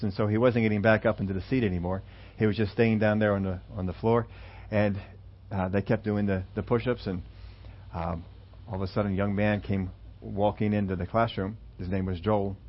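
A man delivers a sermon through a long illustration story, pausing and restarting as he goes. His voice sits low, and the recording is muffled and lo-fi. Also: fairly even intonation. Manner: halting, with fillers and restarts. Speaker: preacher.

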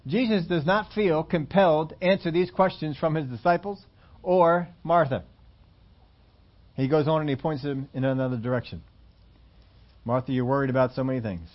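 A man preaching a sermon, reading scripture aloud and switching between loud emphasis and hushed delivery. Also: on the high side, dull audio. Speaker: pastor.

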